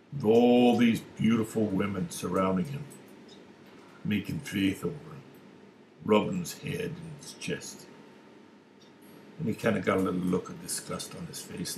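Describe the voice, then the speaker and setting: A man with a fairly low voice tells a joke at an easy, rambling pace, restarting a word here and there. The room is echoey with a faint hiss underneath. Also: a little mellow. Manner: unhurried storytelling with small restarts. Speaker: joke teller. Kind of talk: casual joke telling.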